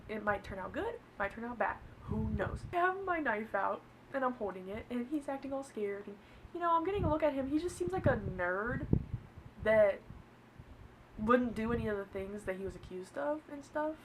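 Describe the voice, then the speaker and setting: A woman's voice: a little high, a bit bright, a little hiss or hum, poor audio. A young woman telling a personal story in a casual, chatty way, swearing and laughing along.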